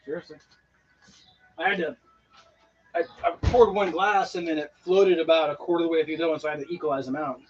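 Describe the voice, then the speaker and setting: A man co-hosting a homebrew stream, chatting in a relaxed way and laughing easily. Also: on the high side, fast, muffled recording, slight background noise. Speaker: homebrew show co-host. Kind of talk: casual chat on a live stream.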